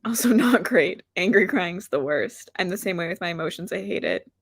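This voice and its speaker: A woman's voice: lowish voice, expressive, brisk, husky, no echo. Chatty woman hosting a reading livestream. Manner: chatty, rambling with frequent "like" fillers; self-deprecating. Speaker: booktuber hosting reading sprints. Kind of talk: casual livestream chat, reading out viewer comments.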